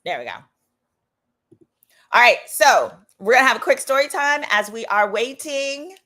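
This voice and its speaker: Lively Southern-accented woman telling stories. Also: sits high, moderate pace. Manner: chatty, animated, drops into quoted voices. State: coughing, bothered by a cough. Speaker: attorney and channel host. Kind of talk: casual storytelling livestream.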